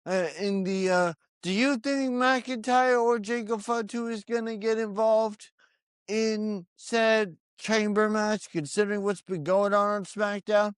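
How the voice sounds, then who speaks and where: A man co-hosting a casual podcast, talking haltingly with lots of pauses and restarts. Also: high-pitched, fairly even intonation, smooth, no echo, studio quality. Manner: hesitant, many fillers and restarts. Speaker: podcast co-host. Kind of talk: casual chat about wrestling predictions.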